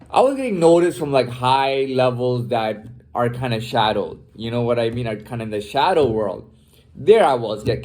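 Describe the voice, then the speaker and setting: A man's voice: mid-range voice, a little mellow. Rambling profane man in a monologue. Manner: profane, repetitive, full of fillers and restarts; boastful.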